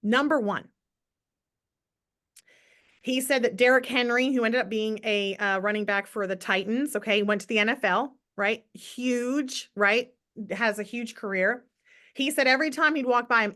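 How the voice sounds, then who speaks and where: An energetic woman speaks on a live morning call for her sales team. Her voice sits a little high and rings bright and forceful. She chats with viewers and hammers home her points by repeating them. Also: normal speed. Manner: upbeat and enthusiastic, chatting to viewers in comments; emphatic repetition for motivation. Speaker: network marketing team leader.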